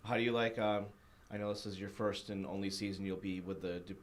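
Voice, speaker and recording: A man hosting a casual sports interview, chatty and quick to laugh, with plenty of fillers. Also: deep voice, fairly even intonation. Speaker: host.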